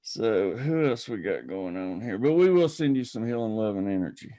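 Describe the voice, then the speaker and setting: A man's voice: on the low side, big pitch swings, normal speed, warm tone. A man hosting a casual livestream, rambling and greeting viewers by name. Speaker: livestream host.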